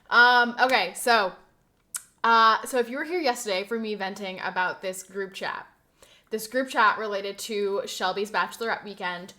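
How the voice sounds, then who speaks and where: A young woman with a fairly high voice talks casually to her live-stream viewers, airing gossip and reacting in an animated way to their messages.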